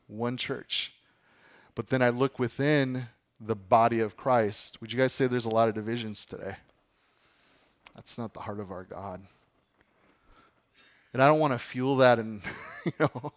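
Male pastor, mid-pitched, conversational sermon delivery, questions to the room, quick self-deprecating laughs. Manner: chatty, asks the congregation questions, laughs often.

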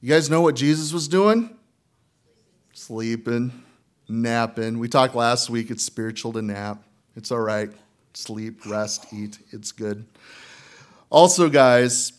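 A man preaching a sermon in an easy, conversational way, speaking at a middle pitch. He keeps turning to the congregation with questions. At moments he jumps up high to act out frightened figures from the story. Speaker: pastor.

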